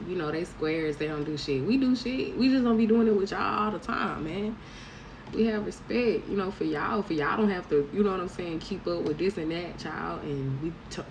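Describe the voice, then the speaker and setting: Low-voiced blunt woman in her thirties. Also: a little hiss or hum, rough recording. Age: 30s. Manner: blunt, profane storytelling with bursts of laughter. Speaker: vlogger. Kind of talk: casual monologue to camera.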